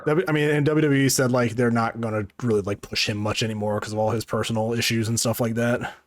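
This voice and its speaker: Profane, laughing wrestling podcast host. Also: male voice, mid-range voice, steady tone, fast, no room sound, clean studio sound. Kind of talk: casual wrestling chat.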